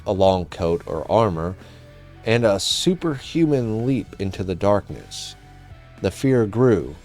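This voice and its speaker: Dude narrating spooky folklore history, slow and low, dramatic pauses, bit of music under it. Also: male voice, a little mellow. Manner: measured, dramatic pauses, with casual asides.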